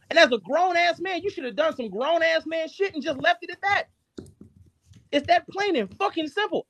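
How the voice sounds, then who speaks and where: A man hosting a live stream, ranting angrily and cursing constantly, his loudness jumping up and down. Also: very high-pitched. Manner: heated, profane, cursing constantly; shifts abruptly between loud and quiet. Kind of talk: angry rant on a live stream.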